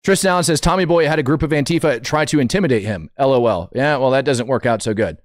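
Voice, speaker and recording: A man's voice: mid-range voice, fast, dry recording, clean studio sound. A man hosting a political commentary show, talking bluntly and with indignation as he reacts to clips. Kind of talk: opinionated live commentary.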